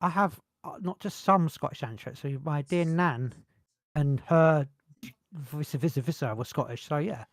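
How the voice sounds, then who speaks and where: A man co-hosting a casual podcast, joking loudly, swearing and slipping into mock voices. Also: on the high side, a little slow, dry recording, studio quality. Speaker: podcast co-host. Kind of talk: casual chat.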